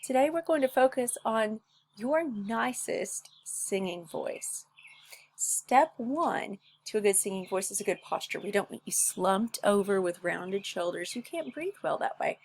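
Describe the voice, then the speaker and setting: Recorded at home for a video lesson, this medium-pitched female music teacher speaks at a measured pace to her young students. She patiently encourages them and models every step by singing it.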